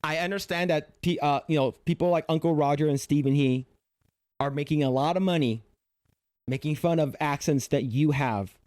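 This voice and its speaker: A man's voice: fairly high pitch, moderate pace, darkish tone, dry recording, clean studio sound. A man reacting to a video on a livestream, exasperated and profane, often repeating himself. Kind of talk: casual reaction commentary.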